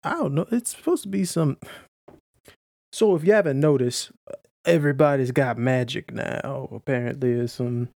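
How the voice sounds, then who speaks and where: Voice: mid-range voice, moderate pace, a little mellow, no room sound. A tabletop game player who rambles and stammers, losing the thread mid-sentence. The recording is dry and close. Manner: scatterbrained, stammering. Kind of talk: casual tabletop play.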